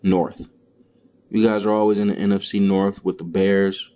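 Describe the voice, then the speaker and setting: A deep-voiced man rambles through a comedic podcast monologue and swears freely as he goes. His tone is mellow and relaxed. The recording sounds dull and lo-fi. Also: normal speed. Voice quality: profane, rambling, animated storytelling. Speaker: podcast host.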